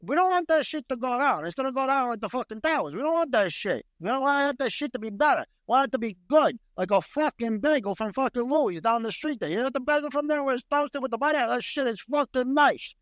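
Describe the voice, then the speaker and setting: A loud, brash New York boss who swears at every turn, as a man puts him on. His put-on voice sits high and pushy. The sound is dry and close. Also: expressive, fast, few pauses, no room sound.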